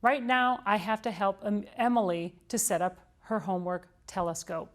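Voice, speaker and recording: A woman voicing a brisk, sensible schoolteacher in a children's storybook read-aloud, measured and clear. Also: medium pitch, fairly even intonation, natural voice.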